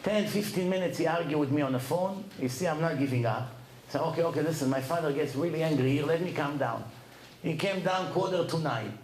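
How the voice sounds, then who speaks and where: Man, storytelling rabbi; lively, faint hiss in a roomy hall. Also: fairly quick. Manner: animated, acts out dialogue with rising pitch. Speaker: rabbi telling stories. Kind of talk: storytelling lecture.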